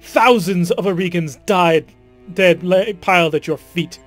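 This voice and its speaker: A resolute young noblewoman, read by a man confronting her cousin in a video game, earnest and steely. She presses her points hard and her voice rises with conviction, a bit higher than his usual talk. Soft music sits in the background. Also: brisk, natural voice. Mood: forceful. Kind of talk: dramatic reading of game dialogue.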